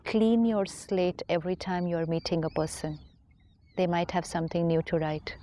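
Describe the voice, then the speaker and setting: A woman, a spiritual teacher calmly explaining ideas on a counselling talk show. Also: lowish voice, normal speed. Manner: calm, explanatory, acts out inner dialogue.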